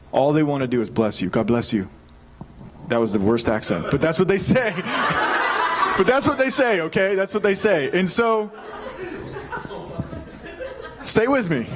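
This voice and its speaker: A fairly high-pitched man delivers a sermon. He tells stories with lively energy and acts out the lines of the people in them. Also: a little hiss or hum, poor audio. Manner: animated storytelling, acting out quotes. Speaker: pastor.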